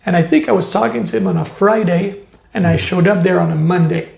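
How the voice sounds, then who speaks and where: Man, tattoo artist, interview storytelling, high voice, heavy vocal fry, echoey room. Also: quick pace. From Montreal, Canada. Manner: animated, acts out quoted voices, many "you know" fillers.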